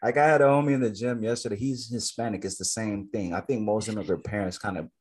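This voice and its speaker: A man's voice: lowish voice, fast talker, slightly rough. A man co-hosting a casual podcast, talking emphatically and asking lots of rhetorical questions. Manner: emphatic, animated storytelling with frequent rhetorical questions. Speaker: podcast co-host.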